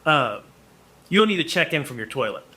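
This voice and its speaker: Male podcast guest, forties, animated storyteller; bright, forceful tone. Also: fairly high pitch, fairly quick. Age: 40s. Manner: animated, acts out quotes, many restarts. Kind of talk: casual storytelling.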